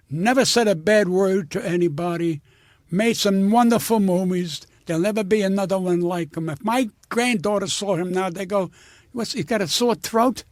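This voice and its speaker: An older man with a high, dry-recorded voice tells brash, profane showbiz stories. He jumps into loud impressions and swears freely. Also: no room sound. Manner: brash, profane, animated storytelling with shouted impressions. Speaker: comedian guest. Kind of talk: storytelling interview.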